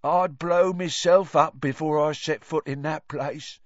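A man voicing a slow-talking, gloomy male bus driver, on a dull lo-fi audiobook recording. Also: on the high side, steady tone, dry recording, pitched above the performer's own voice, close to an everyday voice. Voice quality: slow, dark.

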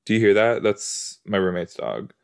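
A man's voice: on the low side, fairly even intonation, normal speed, creaky, smooth. A man chatting casually on a couch as he reacts to a TV episode, rambling, easily sidetracked and often breaking into exclamations. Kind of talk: casual watch-along chat. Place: indoors on a couch.

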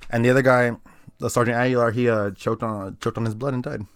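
A man's voice: mid-range voice, fairly even intonation, quick pace, clear, resonant tone, dry recording, clean studio sound. A man in his thirties, a former army medic, telling grim stories in a laid-back, profane way and laughing now and then. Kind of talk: casual podcast storytelling.

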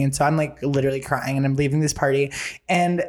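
A young man and podcast co-host telling a story in casual chat, animated and profane, acting out the lines of everyone in it. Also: mid-range voice, fast talker. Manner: animated, profane, dramatic retelling with lots of quoted dialogue. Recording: roomy echo.

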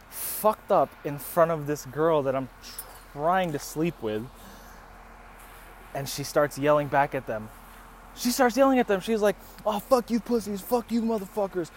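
A man's voice: fairly high pitch, takes it slowly, long pauses. A man in his thirties hosting a podcast, telling a story casually with lots of swearing and bursts of laughter. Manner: profane, animated storytelling with laughs. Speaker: podcast host. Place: outdoors near a street. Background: passing traffic noise.

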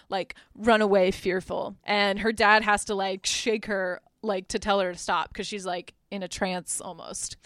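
A woman's voice: mid-range voice, a bit bright, clean tone, dry recording, clean studio sound. A woman hosting a podcast, retelling a movie plot in a casual, chatty way, laughing often and filling her talk with "like.". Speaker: podcast host.

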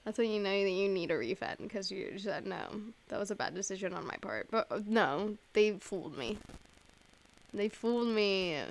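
A woman's voice: medium pitch, moderate pace. Young woman rambling on her podcast. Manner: rambling, filler-heavy, profane, laughing at herself. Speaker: podcast host. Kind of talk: casual solo podcast chat.

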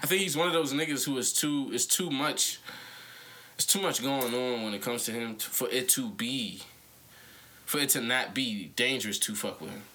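A young man talks casually on a podcast, animated and joking, with plenty of slang. His voice is bright and forceful, and he sits at an everyday middle pitch. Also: moderate pace. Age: young adult. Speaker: podcast host. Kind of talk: casual chat.

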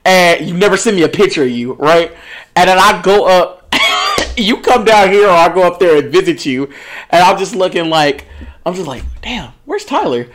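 A man's voice: high voice, expressive, normal speed, a bit bright. A young man co-hosting a podcast, chatting casually in a loose, joking way with profane slang and frequent laughter. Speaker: podcast co-host. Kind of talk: casual chat.

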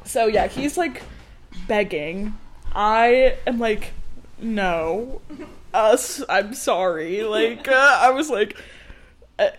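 A woman in her twenties, a podcast co-host, telling a story in casual chat. She is animated, laughs often and acts out the people she quotes. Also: mid-range voice, extremely slow, long pauses, a little hiss or hum.

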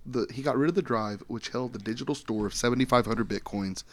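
A man's voice: medium pitch, fast. A man co-hosting a podcast, loosely recapping a news story with casual swearing. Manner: relaxed, profane, recaps news stories loosely. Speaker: podcast co-host. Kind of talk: casual chat.

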